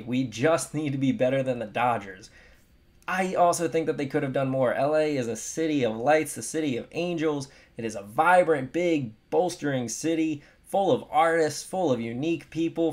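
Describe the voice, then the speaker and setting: Opinionated young man ranking jerseys. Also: medium pitch. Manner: animated, opinionated, emphatic swings. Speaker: sports commentator. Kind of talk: casual opinion commentary.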